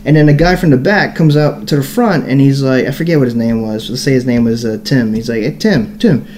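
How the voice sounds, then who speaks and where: A man's voice: medium pitch, fast, a little mellow. A young man co-hosting a podcast, telling a long story in a casual, profane, rambling way full of fillers. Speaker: podcast co-host.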